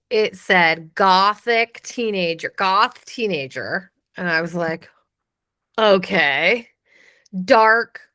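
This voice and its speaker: A woman actress chats as an interview guest, peppy and animated, acting out little quoted moments as she tells her stories. Her voice sits mid-height and is recorded close and dry. She sounds upbeat and quick to laugh. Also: mid-range voice, no echo. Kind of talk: casual interview chat.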